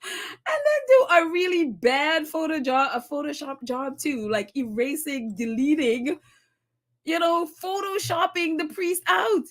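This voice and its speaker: A woman with a high voice hosts a casual commentary stream, reading out viewer comments. Her pitch swings widely and she breaks into laughter between lines. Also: measured pace. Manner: animated, laughs often, reads comments aloud. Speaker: commentary channel host.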